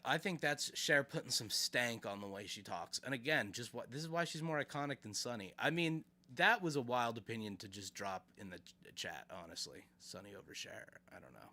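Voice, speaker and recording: A man's voice: mid-range voice, brisk, hardly any pauses, no room sound. A man streaming live, chatting casually with his viewers as he reacts to a clip. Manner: animated, chatty, talks to chat.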